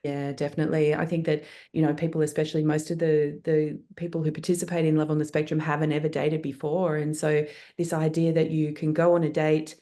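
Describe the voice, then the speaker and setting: A woman speaks as a guest on a panel. Her voice sits low and mellow, and she talks thoughtfully, pausing with fillers and restarting her sentences. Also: flat delivery. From Australia. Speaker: guest producer. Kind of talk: panel interview.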